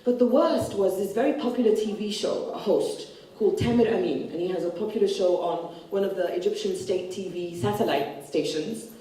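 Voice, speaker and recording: A woman's voice: mid-range voice, a little fast, hardly any pauses, dark tone, a little hiss or hum. A woman author talking bluntly about her book onstage at a festival, acting out the people she quotes. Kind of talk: festival stage conversation. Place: large hall at a literature festival. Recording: echoey hall from far off.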